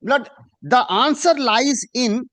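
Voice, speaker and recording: Guy pleading in court, really high voice, slow and emphatic when he reads out rulings. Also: a bit bright. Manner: deferential, addressing the bench as "my lord" again and again. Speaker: advocate arguing before a judge. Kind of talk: formal courtroom argument.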